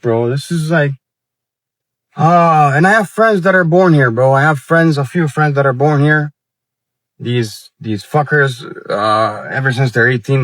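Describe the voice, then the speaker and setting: A man's voice: mid-range voice, a bit bright, no room sound. A man in his late twenties ranting casually and heatedly to his viewers, with lots of swearing and slang. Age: 20s. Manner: heated, profane, slangy talk. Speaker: vlogger. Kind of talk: casual rant to camera.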